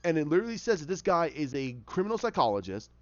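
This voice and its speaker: Brief: man telling a story casually, animated and rambling, lo-fi dry audio. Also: quick pace, no room sound. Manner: rambling, with fillers and lively pitch. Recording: dull lo-fi dry recording.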